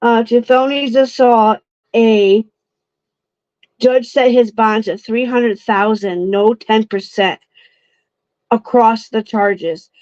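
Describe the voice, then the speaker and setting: A young woman with a fairly high voice talks her viewers through a true crime case, reacting with outrage and tripping over her words as she reads. The sound is dull and lo-fi, with a dry, close feel. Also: fairly even intonation, slow, pauses often, darkish tone, no echo. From Ohio, United States. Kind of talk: casual true crime commentary.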